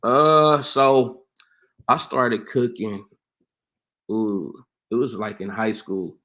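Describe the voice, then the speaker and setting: A young man, a barber and home cook, talking casually as an interview guest, laid-back and laughing often, getting animated when he quotes people. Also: on the low side, slow pace. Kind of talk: casual conversational storytelling.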